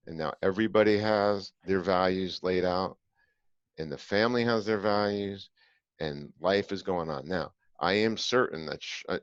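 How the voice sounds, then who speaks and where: A man's voice: low-pitched, no room sound, lo-fi sound. A man hosting a podcast, telling a personal story to his co-host in an earnest, emphatic way with filler "uh"s.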